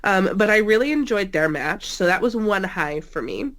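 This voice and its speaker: A woman's voice: medium pitch, expressive, normal speed, fairly bright tone. A woman co-hosting a casual wrestling podcast from a remote call, nasal and congested from a cold, teasing and laughing often. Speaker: co-host. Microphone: remote call mic.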